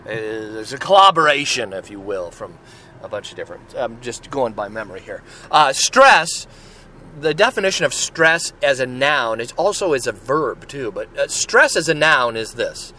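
A man's voice: mid-range voice, sing-song, normal speed, bright, forceful tone, a little hiss or hum. A man hosting a solo podcast, talking in a rambling, chatty way and often checking in with "right?". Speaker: podcast host. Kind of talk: casual solo podcast talk.

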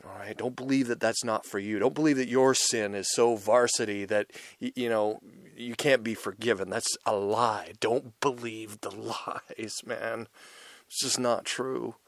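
A man delivers an informal sermon in a somewhat low voice, intense and conversational, swelling louder when he stresses a point and dropping low in between. The recording is dry and close, with no room sound. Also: fairly even intonation, a little slow, dry recording. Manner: intense and conversational, rising loud on emphasis, frequent "right?" and "man". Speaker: preacher and show host.

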